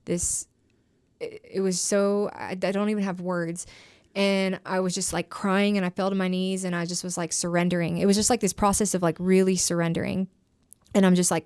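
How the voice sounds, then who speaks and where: A woman's voice: on the low side, clear, resonant tone, no echo, studio quality. A young woman sharing her personal recovery story as a podcast guest, emotional and full of "like" fillers. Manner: emotional, frequent "like" fillers, trailing phrases.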